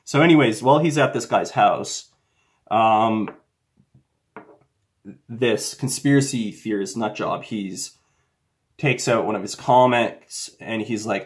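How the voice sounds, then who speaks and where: A man's voice: lowish voice, takes it slowly, pauses often. A man talking casually to the camera and retelling a film in a rambling, conspiratorial way, with many fillers. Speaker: commentator. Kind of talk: casual monologue.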